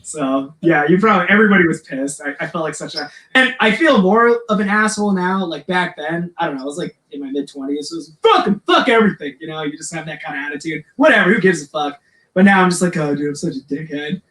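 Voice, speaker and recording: A man's voice: high-pitched, expressive, quick pace, pushed and bright. A man, a metal singer and podcast guest, telling a rambling, profane story in casual chat. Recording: echoey room.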